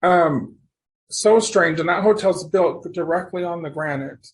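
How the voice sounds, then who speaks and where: A man with a notably high voice, appearing as a podcast guest, tells stories in an unhurried, loose and animated way. His casual storytelling wanders, restarting sentences and letting them trail off.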